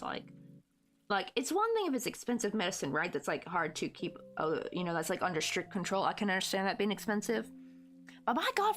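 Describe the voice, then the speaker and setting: An American woman with a mid-range, slightly bright voice hosts a crochet livestream. She chats in a rambling, laughing way and reads viewer comments out loud.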